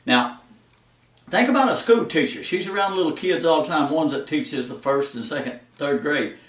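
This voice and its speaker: Old man in his seventies, high voice, folksy exhorting preacher, roomy echo, distant from the mic. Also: lively intonation, normal speed. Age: 70s. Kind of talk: folksy sermon.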